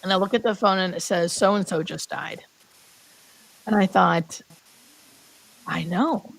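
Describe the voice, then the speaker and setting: A woman's voice: lowish voice, a little slow, creaky, rough recording. A woman in her thirties, a hospice nurse guest, telling a personal story in a heartfelt way, full of "like" fillers and dropping to a whisper now and then. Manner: heartfelt, many "like" fillers, drops to a whisper when quoting. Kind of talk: emotional storytelling.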